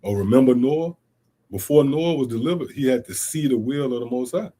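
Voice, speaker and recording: A man's voice: medium pitch, a little fast, dark tone. A middle-aged man teaching scripture, reading verses aloud and then explaining them emphatically with rhetorical questions and casual asides like "see?" and "man.". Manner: casual street-inflected speech with "man" and "see?". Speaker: Bible teacher. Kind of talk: scripture teaching streamed online.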